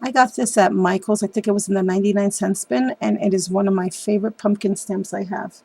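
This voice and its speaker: A woman hosting a craft video, chatting warmly and enthusiastically about how she made a card, with frequent ums. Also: medium pitch, steady tone, brisk, gravelly, a little hiss or hum. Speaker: papercraft video host. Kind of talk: casual craft show-and-tell.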